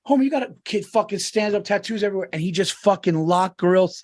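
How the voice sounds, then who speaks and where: A man co-hosting a podcast in casual chat, excitable and swearing, often restarting his sentences. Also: high-pitched, a little fast. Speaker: podcast co-host.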